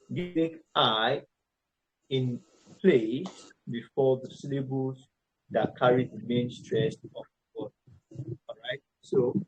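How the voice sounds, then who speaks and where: A man teaching an online English lesson on word stress, slowly repeating words and checking in with "all right". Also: mid-range voice, breathy edge, rough recording. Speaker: English tutor.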